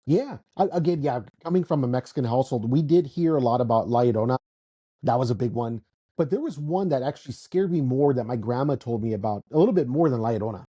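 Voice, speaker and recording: Fast-talking man with a dark husky voice. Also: medium pitch, animated, highs cut off. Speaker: podcast guest. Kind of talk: casual podcast chat.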